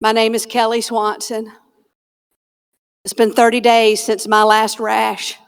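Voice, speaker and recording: A woman's voice: a little high, monotone, slow pace, clean tone. A woman giving a comedic motivational keynote, folksy and self-deprecating, with punchline delivery on a conference stage. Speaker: keynote speaker. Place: conference stage before a live audience.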